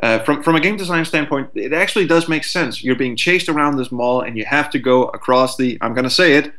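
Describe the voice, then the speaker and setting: A man of middling pitch talks as a podcast guest, lively and quick to swear. He acts out a frustrated player's thoughts as he explains things. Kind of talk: casual podcast chat.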